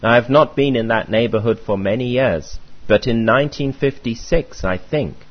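Husky man reading a memoir. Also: mid-range voice, moderate pace. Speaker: audiobook reader. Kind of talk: first-person memoir reading. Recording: muffled lo-fi recording.

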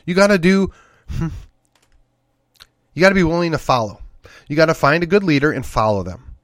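A middle-aged man from Texas delivers a political monologue on his podcast, pressing his points with rhetorical questions and repeated phrases. His voice sits a touch higher than most men's. The sound is dry and close, with no room around it. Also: fairly bright tone, dry recording. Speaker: podcast host.

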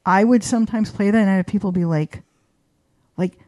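A woman guest in a casual interview, talking in a chatty, animated way with many fillers. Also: brisk, dry recording, clean studio sound. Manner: voices quoted people with big pitch jumps. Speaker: guest, arts journalist.

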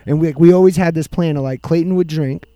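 A man's voice: fairly high pitch, quick pace, warm tone, dry recording. Profane man telling party stories. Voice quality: profane, rambling storyteller. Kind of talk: casual storytelling among friends.

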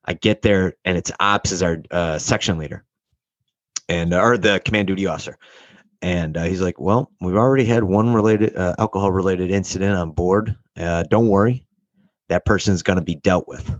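A young man tells a rambling, profane story, jumping into the voices of the people in it. His voice sits on the low side. The sound is slightly muffled and very dry, with no room around it. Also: moderate pace, no echo. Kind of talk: casual storytelling.

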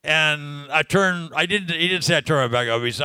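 Bright-voiced man preaching conversationally. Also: fairly high pitch, a little fast, clear, resonant tone, no echo. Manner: conversational, laughing, questions to the congregation. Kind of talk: sermon with personal story.

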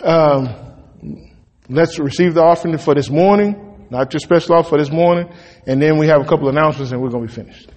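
A man preaching a sermon in a church, folksy and emphatic, with sudden loud peaks. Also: on the high side, quick pace. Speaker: pastor. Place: church sanctuary. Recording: long reverb of a church hall.

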